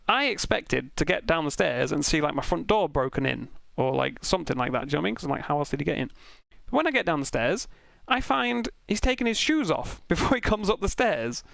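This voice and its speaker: A young man casually telling an animated, sweary anecdote while streaming a sim race. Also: a little high, gravelly, dry recording. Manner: animated, swearing, self-mocking anecdote with laughs.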